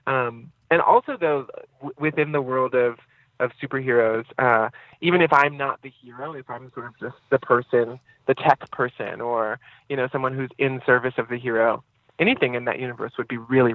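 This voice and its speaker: A man's voice: mid-range voice, no room sound. A man, an actor guest in a casual interview, chatting loosely with lots of fillers and easy laughs. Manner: relaxed, rambling, frequent fillers and laughs. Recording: dry, phone-like line.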